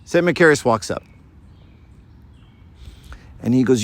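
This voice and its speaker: A man giving a sermon to a live audience, lively and full of rhetorical questions. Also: mid-range voice, moderate pace, pauses often, no echo. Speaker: preacher.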